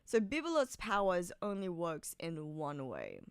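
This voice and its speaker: A woman giving casual reaction commentary on what she is watching, thinking aloud with fillers and soft laughs. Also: fairly low pitch, huge pitch swings, a little slow, clean tone, dry recording, clean studio sound. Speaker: anime reaction streamer.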